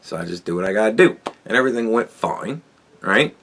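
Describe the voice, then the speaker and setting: A man's voice: fairly low pitch, lively intonation, brisk, fairly bright tone, a little hiss or hum. A man hosting a podcast, telling a rambling, profane story in a casual monologue. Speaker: podcast host.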